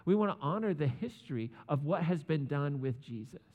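A man's voice: a little high, expressive, a little fast, a little mellow. A man preaching a casual, joking sermon as pastor, acting out the quotes he tells. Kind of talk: conversational sermon. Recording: long hall reverb.

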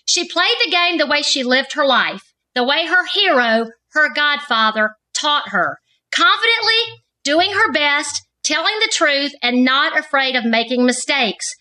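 A woman with a high, bright voice reads a prepared introduction for a podcast guest. She lands each trait in the list with deliberate emphasis. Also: lively intonation, rough recording. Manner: measured, emphatic reading of lists of traits. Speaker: co-host. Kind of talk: scripted narrated introduction.

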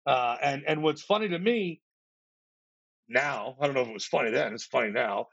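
A man guest on a podcast, telling an animated story in casual speech, acting out other people's lines and tripping over repeated words when excited. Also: mid-range voice, normal speed, gravelly, no echo. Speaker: podcast guest, startup founder. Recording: slightly muffled, dry.

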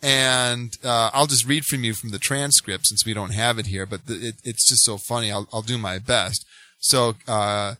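A man co-hosting a podcast in casual chat, animated and giggly, with stumbling restarts. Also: medium pitch, normal speed. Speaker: podcast co-host.

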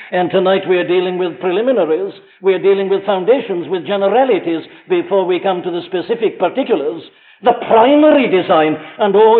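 A man preaching a sermon, asking his listeners question after question and slowing down to stress key phrases. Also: high voice, big-room sound. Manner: emphatic, asks the listener rhetorical questions; slows down and rises for stressed phrases. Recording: thin, phone-like old archive recording.

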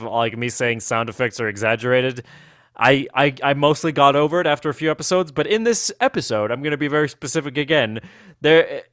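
A man co-hosting a casual chat podcast, talking in an animated, rambling way and restarting his sentences often. His voice is smooth and resonant, and the recording is dry and close. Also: medium pitch, no room sound. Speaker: podcast co-host.

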